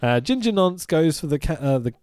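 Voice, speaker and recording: Lively, laughing man. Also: fairly high pitch, fairly quick, no room sound, studio quality. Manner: laughs often, swears, lively recapping. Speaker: podcast co-host. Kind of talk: casual movie review chat.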